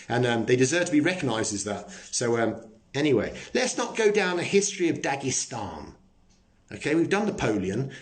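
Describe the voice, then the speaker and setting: A man hosting a live stream, chatting casually, joking and swearing as he answers viewer comments. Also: mid-range voice.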